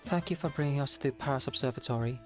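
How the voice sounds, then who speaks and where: A woman voicing a formal, courteous woman in a fan game dub, speaking softly and in a measured way. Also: rumbling low, music in the background, pitched below the performer's own voice. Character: poised, courteous woman client paying a cab fare.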